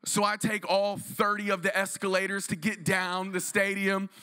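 Bright-voiced energetic preacher man. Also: high-pitched, normal speed, clean tone. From Dallas-Fort Worth, Texas. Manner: energetic, storytelling, audience call-and-response. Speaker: guest pastor. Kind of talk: sermon. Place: large room used as church.

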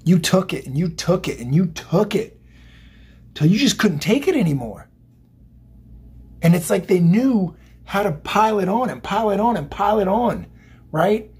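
Husky man, fairly high voice, psychic tarot reading, emotional, motivational, repetitive. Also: very animated, normal speed, long pauses, a little mellow. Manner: emotional, motivational, rambling with repeats. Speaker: tarot reader.

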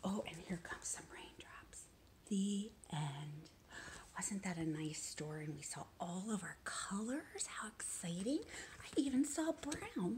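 A young woman teacher reading a picture book aloud to young children, soft and sing-song. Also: medium pitch, slight background noise. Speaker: preschool teacher.

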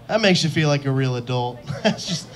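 A man's voice: mid-range voice, lively intonation, a little slow, a little hiss or hum. Young man telling self-mocking stand-up stories. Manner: self-deprecating storytelling, acts out quotes. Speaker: stand-up comedian. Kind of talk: stand-up comedy set. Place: comedy club stage.

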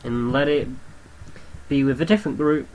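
A man's voice: medium pitch, normal speed, a little mellow, low-quality recording. A young man giving casual gameplay commentary, chatting to the creatures on screen and swearing offhandedly. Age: young adult.

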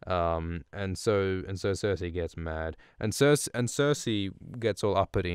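A man's voice: sits low, a little slow, few pauses, clean tone, dry recording, clean studio sound. A man hosting a podcast, casually recapping a book chapter in a rambling, profane way with many restarts. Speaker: podcast host.

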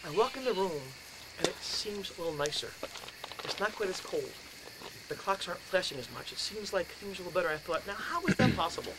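Guy in his 50s spinning a ghost story for a crowd, high voice, acts it all out, lotta room noise. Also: quick pace. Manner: animated, acts out his own past voice with shouts and laughs. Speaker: speaker telling a ghost story. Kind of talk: animated storytelling lecture. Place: lecture in a house. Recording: noisy room recording.

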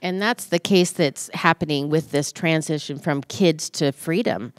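A woman's voice: low-pitched, a little slow, no room sound, clean studio sound. A woman guest on a podcast, telling her story in a casual chat and acting out her own inner dialogue with animation. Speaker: podcast guest, church staff member.

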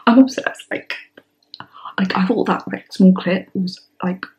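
A woman in her twenties hosting a song reaction vlog, gushing and excitable, sometimes dropping to breathy whispers. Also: medium pitch, a little slow, slight background noise, low-quality recording. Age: 20s. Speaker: reaction channel host.

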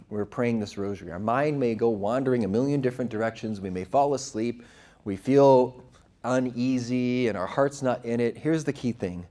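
A man's voice: mid-range voice, a little mellow. Earnest man speaking to an audience. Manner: earnest, conversational, asks the audience questions; vivid storytelling with quoted voices. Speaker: Catholic speaker. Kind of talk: talk to a live audience.

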